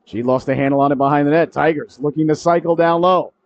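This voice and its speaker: A man calling a high school hockey game play-by-play, cracking jokes between plays and shouting on goals. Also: fairly even intonation, quick pace, dry recording. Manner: jokey asides, rises sharply to shouts on goals. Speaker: play-by-play commentator. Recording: dry, dull lo-fi broadcast audio.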